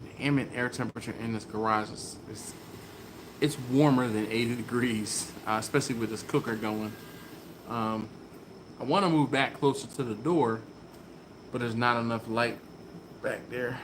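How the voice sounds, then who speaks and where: A man's voice: mid-range voice, steady tone, moderate pace, noisy background. A man hosting a casual live stream from a garage, chatting loosely, laughing often and reading viewer comments aloud. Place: warm garage beside a running smoker. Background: fan running.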